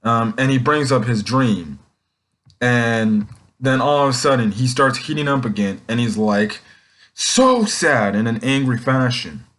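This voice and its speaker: A man talks through a comic chapter off the cuff, circling back on his sentences and padding them with fillers. His voice sits at an ordinary middle pitch for a man, with nothing forced about it. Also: lively intonation, a little slow, a bit bright. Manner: rambling, leans on "um" and "essentially". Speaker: manga chapter reviewer. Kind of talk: casual unscripted recap.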